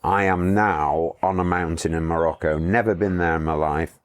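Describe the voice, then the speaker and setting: A man's voice: deep voice, steady tone, moderate pace. A middle-aged man, a motorcycle tour company owner, telling rambling anecdotes in a casual interview, chuckling as he goes.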